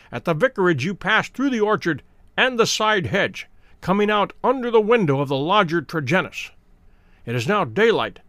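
A man reads a dramatic audiobook, voicing a detective who is cool, precise and commanding, with a calm, measured, authoritative delivery. His voice is high-pitched and the recording is dry.

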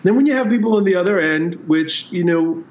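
A man with a fairly high voice speaks thoughtfully as an interview guest, working through his ideas with images and stories from his own life. The sound is roomy and a bit dull, as if picked up in an echoey space with a modest mic. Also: expressive, fairly quick, slight background noise. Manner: reflective, explains with metaphors and personal stories. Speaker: strength coach, guest. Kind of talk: casual conversational interview.

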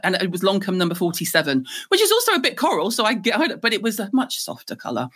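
Animated Scouse woman telling stories. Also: mid-range voice, fast talker, few pauses. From Liverpool. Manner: lively, animated storyteller. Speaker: guest. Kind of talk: storytelling in a podcast interview.

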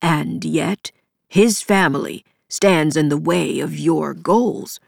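A woman voicing a steady, protective man in an audiobook, speaking softly, carefully and firmly. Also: sits low, slow pace, vocal fry, dry recording, clean studio sound, full character voice. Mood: calm. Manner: soft, careful, soothing. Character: steady, protective man, soothing but firm. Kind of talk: audiobook character voice.

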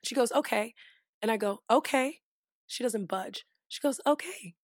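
A young woman with a fairly high voice tells a story in casual chat. She is animated, acts out the quoted voices and swears freely. The recording is dry and close. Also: normal speed, no echo.

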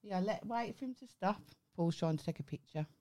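A woman's voice: mid-range voice, animated, fairly quick, mellow. A woman with a Birmingham accent, co-hosting a casual comedy podcast, sweary and laughing a lot. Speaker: podcast co-host.

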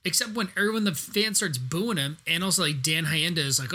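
A man's voice: on the high side, fairly quick, hardly any pauses, sharp tone, breathy edge. A man co-hosting a podcast, chatting casually, rambling and swearing. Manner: rambling, swears, many fillers. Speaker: podcast co-host. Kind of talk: casual comedic chat.

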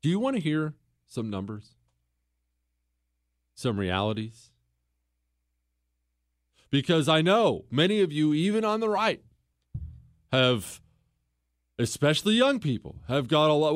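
A man's voice: a little high, very animated, measured pace, long pauses, dry recording, studio quality. A young man hosting a podcast, delivering a political commentary monologue in an emphatic, rhetorical way, repeating words for effect and posing questions to his listeners. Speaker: podcast host.

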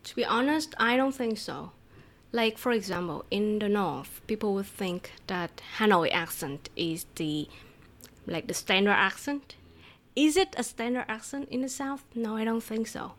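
A Vietnamese woman who teaches her native language speaks English with a Vietnamese accent, her voice mid-range and her pace normal. Appearing as a guest on a conversational podcast, she's chatty, laughs frequently and restarts her phrases.

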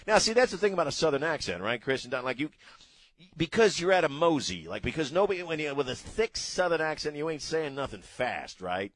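A man's voice: medium pitch, sing-song, moderate pace, a bit bright, no room sound. A man from Maryland hosting a talk radio show, rambling and emphatic with plenty of fillers. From Maryland, USA. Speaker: radio host.

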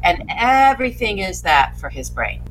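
A woman panel guest giving animated political commentary, vivid and given to laughter. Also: medium pitch, moderate pace, slight background noise, low-quality recording.

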